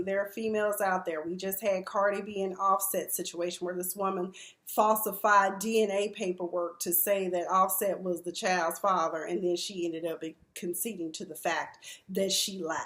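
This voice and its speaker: A woman in her forties speaking in a casual, outspoken way, with profanity and quick mimicry of the people she discusses. Her voice sits in a mid range. The room around her adds a noticeable echo. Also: medium pitch, fairly bright tone. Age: 40s. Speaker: reality TV recap vlogger. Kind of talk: casual commentary. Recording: roomy echo.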